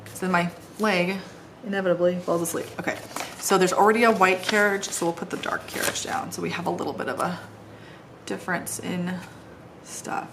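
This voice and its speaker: Chatty woman with a lowish voice. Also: steady tone, fairly quick, noisy background. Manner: chatty, rambling, self-deprecating. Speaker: planner vlogger. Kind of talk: casual chat while decorating a planner. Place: home, seated on the floor.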